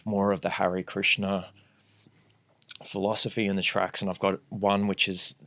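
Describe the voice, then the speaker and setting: A man's voice: low voice, flat delivery, moderate pace, creaky, sharp tone, no room sound. A young man talking as a guest MC on a casual podcast, earnest and rambling as he thinks aloud.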